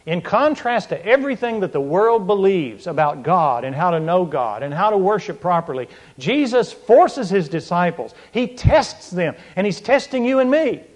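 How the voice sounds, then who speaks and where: A man preaching a sermon, emphatic, with dramatic pauses and swells in volume. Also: high voice.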